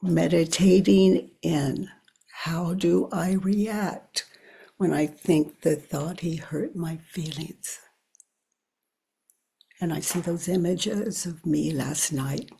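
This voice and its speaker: An older woman talks through a guided self-inquiry in a very husky, breathy voice with a gravelly edge. She moves slowly and reflectively, pausing to think aloud. She often lets her voice sink to a hush. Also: sits low, steady tone. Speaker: spiritual teacher.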